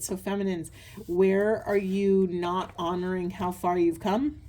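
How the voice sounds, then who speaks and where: Mellow-voiced woman giving a spiritual card reading. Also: mid-range voice. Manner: soft, earnest, meandering with many ums. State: tearful at times. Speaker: tarot and oracle reader.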